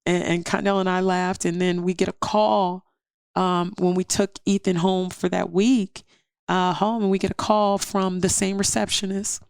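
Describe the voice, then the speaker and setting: A middle-aged woman sharing a personal testimony as a podcast guest, animated and acting out the voices in her story. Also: lowish voice, normal speed, creaky, clean tone, no room sound, studio quality.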